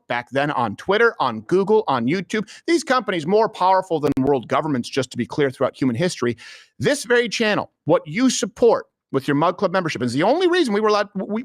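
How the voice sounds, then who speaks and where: Animated sarcastic male talk host. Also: high-pitched, dry recording, studio quality. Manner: animated, sarcastic, laughs often. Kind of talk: political comedy talk show. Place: studio.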